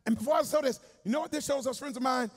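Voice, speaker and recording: A male pastor preaching a sermon in a church, colloquial and call-and-response, swinging from hushed asides to shouting. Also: extremely high pitch, rapid-fire.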